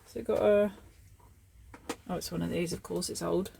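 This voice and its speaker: A woman's voice: on the low side, fairly even intonation, normal speed, creaky, long pauses, mellow, slight background noise. A woman in her thirties chatting casually as she sorts through scrap, thinking aloud. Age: 30s. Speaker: scrapping vlogger. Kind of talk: casual commentary while sorting scrap.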